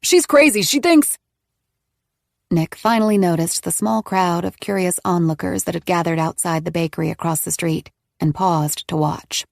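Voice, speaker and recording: A woman narrating a thriller audiobook in a steady, even storytelling manner. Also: on the low side, normal speed, vocal fry, dry recording, studio quality. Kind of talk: scripted narration.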